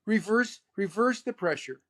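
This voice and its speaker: A man's voice: high-pitched, animated, moderate pace, voice pushed up. A man impersonating a quirky older male golf legend who talks in a sing-song way, starts lines with "ooh", repeats phrases and calls people "pal". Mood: urging.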